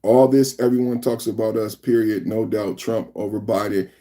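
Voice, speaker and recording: A man's voice: lowish voice, level tone, moderate pace, warm tone. A man in his fifties hosting a live podcast, talking casually and emphatically to his chat and calling them brother. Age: 50s. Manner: emphatic, calls listeners brother and bro. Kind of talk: casual live-stream talk.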